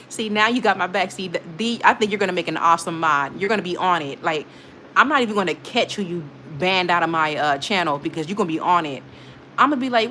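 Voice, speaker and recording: A woman hosts a late-night livestream in an easy, middle-pitched voice, chatting straight to her viewers as she reads their comments. She talks animatedly and repeats herself, swinging between gushing and brushing off trolls. A faint hiss of noise sits under the recording. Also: fast. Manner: animated, emotional, laughing often, repeats herself. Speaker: livestream host. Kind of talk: casual live chat reading viewer comments.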